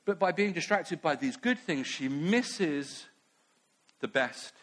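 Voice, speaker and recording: A man's voice: a little high, animated, slow, a bit bright. A man preaching a sermon in a conversational way, with many asides.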